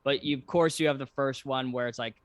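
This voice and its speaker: A man's voice: medium pitch, steady tone, brisk, no echo. A man co-hosting a podcast in casual chat, laughing often and acting out quoted lines in voices. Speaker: podcast co-host.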